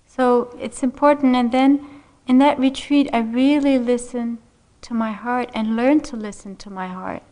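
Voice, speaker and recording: A middle-aged woman meditation teacher telling a personal story in a dharma talk, unhurried and gentle, laughing softly often. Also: fairly high pitch, fairly even intonation. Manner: unhurried, gentle, frequent soft laughs and "you know".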